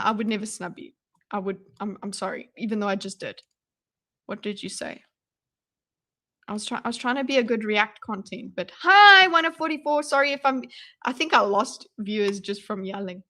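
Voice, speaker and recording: A woman streamer reacting live to a video, rambling and excitable, breaking into loud yelps to her chat. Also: mid-range voice, moderate pace. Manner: excitable, rambling, bursts into yelling.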